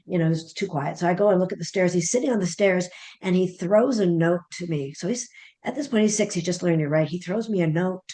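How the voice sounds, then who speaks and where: A woman's voice: fairly low pitch, fast talker, dark tone. A middle-aged woman, a parenting author guest, telling a story animatedly and acting out the dialogue. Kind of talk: conversational storytelling interview.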